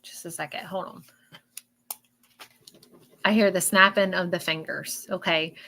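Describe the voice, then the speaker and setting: A woman, her voice gravelly with a touch of vocal fry. She speaks as a medium on a live stream, emotional and given to repeating herself, and she keeps turning to her viewers as y'all. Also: fairly low pitch, fairly even intonation, a little slow, bright, forceful tone. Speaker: psychic medium.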